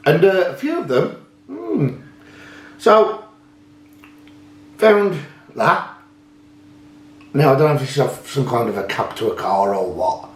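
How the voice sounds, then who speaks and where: A man's voice: medium pitch, sing-song, takes it slowly, pauses often, echoey room. A man hosting a magnet fishing channel, chatting casually and rambling a little as he shows his finds. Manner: chatty, rambling, self-correcting. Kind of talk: casual chat showing finds.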